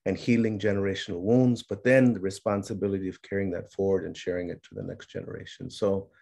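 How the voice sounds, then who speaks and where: A middle-aged man speaks in a gravelly, slightly husky voice at an even middle pitch. He tells stories from his life in a reflective, conversational way, dropping in Spanish phrases. He circles back with fillers, then livens up as the family memories come out. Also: fast. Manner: mixes in Spanish phrases, many fillers, grows animated when telling family stories. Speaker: speaker sharing his life's work.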